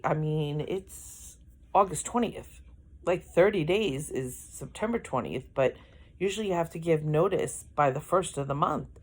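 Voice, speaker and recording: A woman's voice: low-pitched, a little mellow. A middle-aged woman, chatting casually in a vlog, rambling and correcting herself as she goes, yawning often. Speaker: vlogger.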